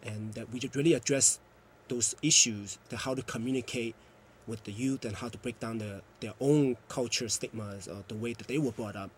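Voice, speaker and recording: A man's voice: mid-range voice, normal speed, slight background noise. A man, a youth program coordinator, earnestly explaining at length in a TV interview. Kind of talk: TV interview answer.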